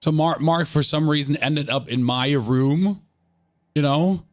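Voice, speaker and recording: Hoarse guy streaming a game, joking around with chat, kinda rambly, stumbles over his words a lot. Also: a little high, measured pace, no echo, clean studio sound. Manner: rambling, joking, chatting to viewers with stammered restarts. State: hoarse from illness. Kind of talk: live gameplay commentary.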